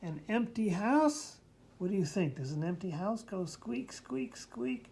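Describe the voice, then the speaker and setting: Woman, unhurried storybook reader for a small child, playful sound mimicry, faint hiss behind. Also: fairly low pitch, sing-song, dark tone. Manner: playful, mimics sounds and asks the listener questions. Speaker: reader reading a picture book to a child. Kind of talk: reading a children's book aloud.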